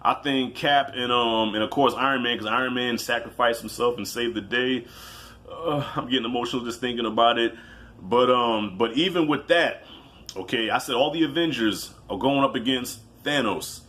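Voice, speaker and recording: A young man talks through a film review in a relaxed, unscripted way. He swears freely and acts out his reactions as he retells scene after scene, with a voice of middling pitch. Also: moderate pace. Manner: animated, profane, storytelling with acted-out reactions. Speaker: movie reviewer. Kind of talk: casual video review.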